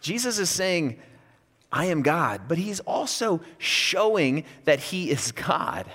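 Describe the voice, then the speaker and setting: Animated male preacher in echoing hall. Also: a little high, slow pace. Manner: conversational, animated preaching with asides. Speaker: pastor. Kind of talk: sermon. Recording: long reverb from a large hall.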